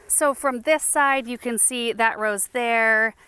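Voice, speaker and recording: A young adult woman hosting a casual garden tour vlog outdoors, chatty and enthusiastic, thinking out loud as she goes. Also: a little high, moderate pace, few pauses, clear, resonant tone, no echo. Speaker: gardening channel host.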